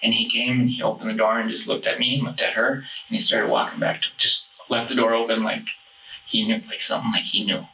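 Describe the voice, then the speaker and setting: Questioned by detectives, a man tells his story haltingly and ramblingly, restarting often in a flat, mid-range voice. The police interview room recording sounds distant and echoey, with narrow, tinny audio and slight hiss or hum.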